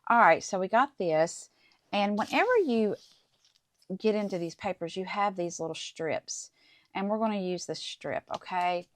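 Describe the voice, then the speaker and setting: A woman's voice: medium pitch, unhurried, no echo. A middle-aged woman hosting a casual craft tutorial, chatting to viewers as she works through each step. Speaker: crafting channel host.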